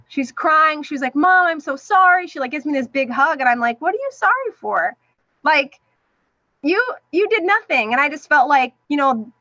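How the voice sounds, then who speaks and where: Podcast guest, middle-aged woman, high bright voice, animated storyteller, dry dull recording. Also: no room sound. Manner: animated, acts out quoted voices. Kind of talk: emotional personal storytelling.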